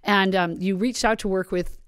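A woman's voice: mid-range voice, steady tone, normal speed, a bit bright, clear, resonant tone, dry recording, studio quality. A woman hosting a podcast, speaking earnestly and rambling a little as she sets up a question for her guest. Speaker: podcast host. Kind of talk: interviewing a guest.

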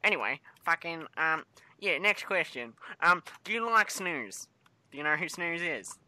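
Young Australian man, crude and rambling, a little high-pitched, running a joke interview over voice chat. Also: animated, measured pace, pushed and bright. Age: young adult. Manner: crude, swearing, rambling and teasing. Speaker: gaming video host.

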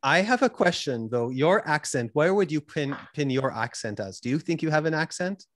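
A man's voice: on the high side, animated, moderate pace, dry recording. Man, mixed canadian british israeli accent, rambling chatty interview talk, dry close sound. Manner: rambling, self-deprecating, chatty. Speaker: podcast host being interviewed. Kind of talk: casual interview conversation.

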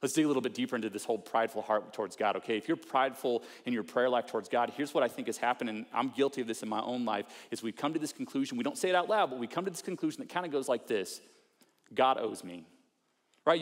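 In a large church auditorium with a big-room sound, a male pastor preaches a sermon in a mid-range voice at a rapid-fire pace. His manner is earnest and conversational, and he acts out heartfelt prayers and mock self-talk.

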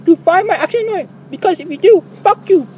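Squeaky, touchy schoolboy customer. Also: male voice, animated, fairly quick, a little mellow. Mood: irritated. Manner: insists the odd voice is his real accent. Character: squeaky-voiced young male customer, touchy and foul-mouthed. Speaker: prank caller. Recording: phone call with background noise.

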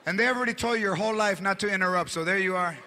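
A man's voice: high-pitched, rapid-fire, noisy background. A man doing stand-up comedy on a theater stage, telling stories animatedly with Spanish asides. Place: theater stage before a live audience. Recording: live stage with loud crowd.

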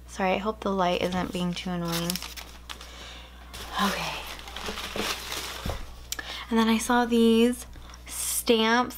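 Gushing young woman with a slow drawl. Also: medium pitch, a little hiss or hum, low-quality recording. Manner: gushing, excitable, frequent gasps. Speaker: planner vlogger. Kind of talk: casual unboxing chat. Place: home room.

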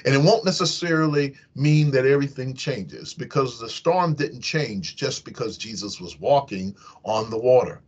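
A man's voice: mid-range voice, lively intonation, moderate pace, few pauses, husky. A man giving a devotional meditation as a hospital chaplain, talking in a conversational way and correcting himself as he goes. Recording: dull lo-fi recording.

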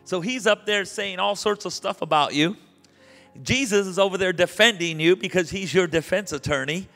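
A man with a high-sitting, somewhat creaky and slightly bright voice preaches a sermon at a moderate pace, full of energy, leading the congregation in call and response and reading scripture. It's a live recording from a church sanctuary with long reverb and faint music behind him.

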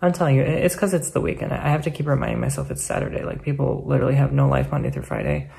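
Chatty man with vocal fry. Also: mid-range voice, wildly swooping pitch, very fast, hardly any pauses, very noisy. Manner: chatty, playful and theatrical. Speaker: vlogger. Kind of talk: casual vlog chat.

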